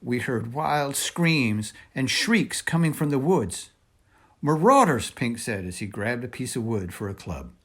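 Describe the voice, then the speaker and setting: Husky male reader for a children's book, expressive, mid-range pitch. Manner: measured, expressive narration. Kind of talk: storybook read-aloud.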